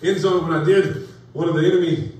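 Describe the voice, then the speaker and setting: Brisk and a little high, with a steady, darkish tone, a pastor preaches folksily in a church sanctuary. He tells stories and builds toward rising emphasis, heard from a distance in the echoey room over faint noise.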